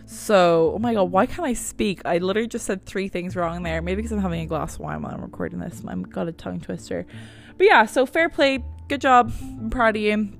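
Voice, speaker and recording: A woman's voice: medium pitch, a little fast, gravelly, faint music behind. A young woman, hosting a podcast in a rambling, chatty way, swearing casually as she talks from home. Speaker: podcast host. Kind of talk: casual chat.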